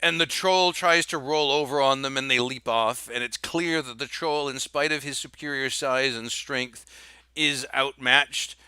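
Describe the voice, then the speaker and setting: A man's voice: medium pitch, steady tone, unhurried, sharp tone, clear, resonant tone, no echo. A young man narrating as game master, describing the action in a storytelling way with frequent fillers.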